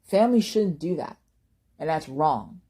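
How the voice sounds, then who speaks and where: Husky-voiced young woman ranting passionately. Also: low voice, big pitch swings, measured pace, mellow. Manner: impassioned, ranting, curses, repeats words when worked up. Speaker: vlogger. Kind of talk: emotional personal monologue.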